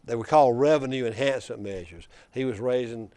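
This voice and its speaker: A man's voice: medium pitch, brisk, dark tone, dry recording. An older man, a former state legislator telling political anecdotes in a rambling, conversational way. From Alabama. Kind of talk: storytelling in casual conversation.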